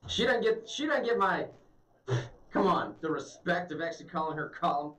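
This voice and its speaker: A man's voice: fairly high pitch, expressive, moderate pace, fairly bright tone. A man co-hosting a talk radio show, mocking and sarcastic as he reacts to hearing clips. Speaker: radio co-host. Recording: roomy, distant mic.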